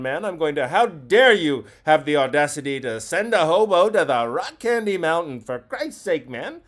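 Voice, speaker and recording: A man's voice: fairly high pitch, big pitch swings, moderate pace. Ranting, foul-mouthed call-in host man. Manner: profane, ranting, mock-indignant. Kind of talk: comedic call-in banter.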